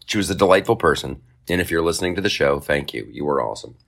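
A man hosting a podcast, telling a comic story in a casual, profane way and jumping into high mocking voices for other people. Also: animated, quick pace, vocal fry, fairly bright tone, a little hiss or hum. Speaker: podcast host.

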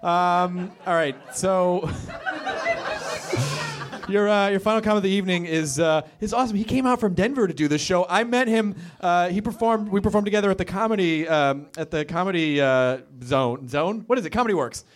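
A man hosting a comedy show, rambling and excitable, with bursts of yelling. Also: high voice, a little fast, few pauses. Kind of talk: stand-up hosting. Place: comedy club stage.

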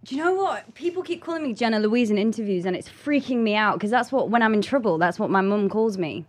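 A woman's voice: medium pitch, expressive, quick pace, dry recording. A woman chats casually as a guest, talkative and self-deprecating. Her voice sounds dry and close, with no room around it. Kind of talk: casual chat.

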